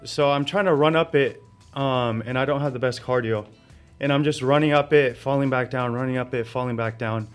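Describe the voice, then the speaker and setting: A man's voice: medium pitch, fairly quick, clean tone, faint music behind. A man guest telling his story in casual conversation, laughing often and filling with "like". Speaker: interview guest.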